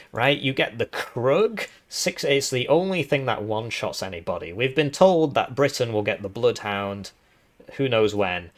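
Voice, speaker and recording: A man with a hoarse, tiring voice, casually explaining strategy game tactics and often adding "right?". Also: mid-range voice, fairly bright tone. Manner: chatty, explanatory, tag questions. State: hoarse, voice giving out. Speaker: gaming video host.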